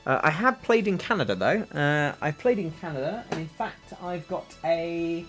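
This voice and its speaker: A man's voice: fairly high pitch, expressive, moderate pace, fairly bright tone, faint music behind. A British man hosting a livestream, chatting casually with viewers and answering their questions in a rambling, self-deprecating way full of fillers. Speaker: livestream host.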